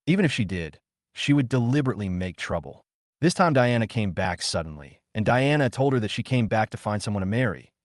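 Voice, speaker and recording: A man narrating a comic story recap in a steady, scripted read. His voice sits low but moves expressively, recorded dry and close. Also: dry recording.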